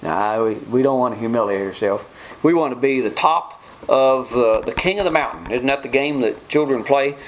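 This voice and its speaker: A man's voice: mid-range voice, moderate pace, rough recording. A man preaching a sermon in an earnest way, often restarting phrases and mimicking scoffers. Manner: earnest, repetitive restarts, mock-quotes scoffers.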